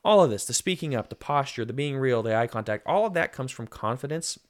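A man's voice: medium pitch, lively intonation, brisk. A man in his thirties co-hosting a casual podcast, earnest and self-deprecating, with plenty of fillers. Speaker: podcast co-host.

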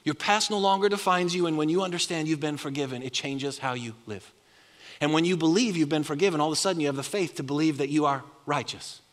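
A man's voice: on the high side, quick pace. A man preaching a sermon as pastor, leading the congregation in call-and-response. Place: large church hall. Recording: long hall reverb.

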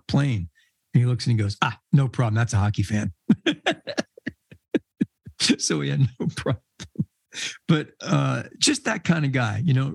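A man's voice: mid-range voice, vocal fry, a little mellow, breathy edge, no room sound. An older man, a podcast guest, telling casual rambling anecdotes and laughing mid-sentence. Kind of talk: casual storytelling.

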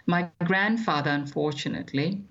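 A man, recounting his childhood as an interview guest in a measured, thoughtful way with frequent hesitations. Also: a little high, a bit bright, dull audio. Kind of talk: reflective personal storytelling.

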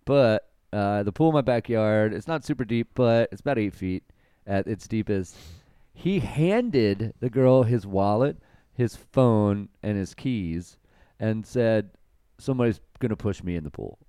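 A man's voice: fairly low pitch, animated, measured pace, warm tone, clear, resonant tone, no echo. A young man co-hosting a podcast, chatting casually and profanely as he tells stories. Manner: profane, storytelling, laid-back. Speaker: podcast co-host. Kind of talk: casual chat.

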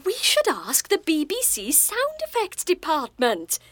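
A woman's voice: very high-pitched, wildly swooping pitch, a little slow, a bit bright, no room sound, heavily acted. A woman playing an upbeat member of an amateur drama group in a radio comedy. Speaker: amateur actress.

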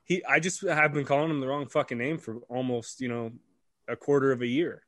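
Podcast co-host, young man, animated storyteller who swears freely, dry close sound. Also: medium pitch, brisk, no echo. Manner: animated, swears freely, acts out quoted voices. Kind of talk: casual storytelling.

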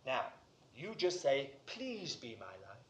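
A man voicing a sly, wheedling male devil who coaxes a believer in a low, hushed tone. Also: very animated, fairly quick, recorded from a distance, a little hiss or hum. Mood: coaxing.

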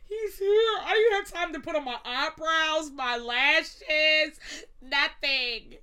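A woman hosting a casual chat show, telling a story with lots of swearing and acting out quotes in a high voice. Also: slow, pushed and bright. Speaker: podcast host.

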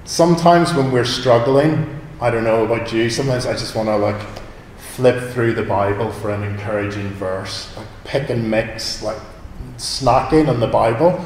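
A man preaching a sermon in a conversational, animated way, asking his listeners questions. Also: medium pitch, a little hiss or hum. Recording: echoey hall with long reverb.

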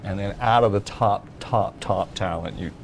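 A male orchestra conductor in a casual interview, enthusiastic, often repeating words and trailing off quietly. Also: fairly low pitch, moderate pace, a little hiss or hum.

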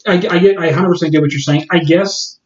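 Halting man in an echoey room. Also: fairly high pitch, fairly even intonation. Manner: halting, restarts often, thinks aloud. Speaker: podcast co-host. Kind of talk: casual film discussion. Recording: echoey, dull lo-fi room sound.

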